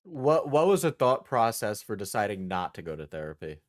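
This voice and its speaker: A man interviews a guest on a stream, stretching his questions out as he probes. His voice is very low, and the recording is close and dry. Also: sing-song, dry recording. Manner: probing, drawn-out questions.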